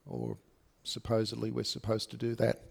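A man's voice: fairly low pitch, sing-song, moderate pace, creaky, slightly rough. A man preaching a sermon to his congregation, speaking conversationally with many fillers and asides. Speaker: pastor. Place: church service.

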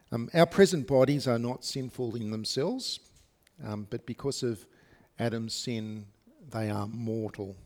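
A man's voice: medium pitch, darkish tone. A man preaching a sermon to his congregation, speaking conversationally with many fillers and asides. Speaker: pastor. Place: church service.

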